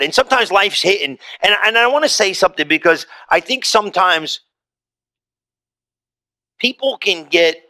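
Man, pastor, sermon, conversational, high voice, bright tone. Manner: conversational preaching, swings between loud quoting and soft asides. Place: church in front of a congregation.

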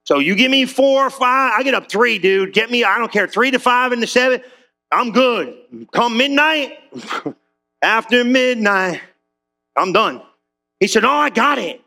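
A man who is a pastor, preaching a sermon as a comedic story, slangy and animated, acting out the people in it. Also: very high voice, unhurried, pauses often. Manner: animated, slangy, acts out voices.

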